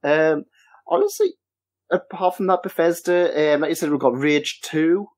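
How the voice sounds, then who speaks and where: A man's voice: a little high, normal speed. Upbeat man chatting about games. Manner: hesitant, many ums and restarts. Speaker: podcast host. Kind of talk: casual chat.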